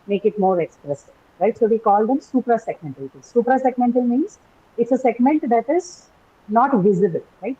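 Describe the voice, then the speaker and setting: Female teacher, online class: patient explainer, husky tone, muffled call audio. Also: mid-range voice. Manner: explanatory, many fillers and tag questions. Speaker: English teacher. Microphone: video call.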